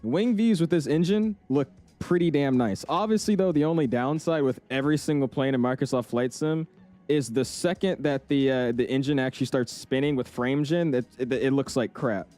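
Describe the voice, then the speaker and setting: A relaxed man talks to his live-stream viewers in easygoing slang, dropping "man" and "dude" into nearly every line. His voice is mellow and sits at an ordinary pitch. Faint music plays behind him. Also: normal speed. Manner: laid-back, slangy, keeps calling the chat "man" and "dude". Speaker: flight sim live streamer. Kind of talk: casual live-stream chat.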